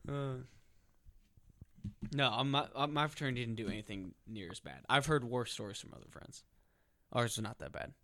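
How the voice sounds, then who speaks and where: A young man co-hosting a casual podcast chat, hesitant and halting when put on the spot. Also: medium pitch, lively intonation, bright, forceful tone, a little hiss or hum. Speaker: podcast co-host.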